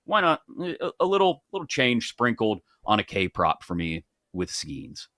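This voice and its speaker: A man's voice: medium pitch, normal speed, dry recording, studio quality. A man hosting a sports betting show, chatting casually and joking as he breaks down picks. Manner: chatty, joking, animated asides.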